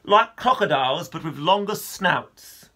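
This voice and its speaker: A man's voice: fairly high pitch, lively intonation, a little slow, pushed and bright, husky, heavily acted. Man reading as a bookish boy, earnest and plain, near his own voice. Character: curious bookish young boy explorer.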